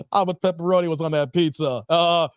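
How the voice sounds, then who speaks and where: A man's voice: fairly high pitch, clear, resonant tone, no room sound. A man hosting a livestream, reading chat comments aloud in casual slangy banter and laughing often.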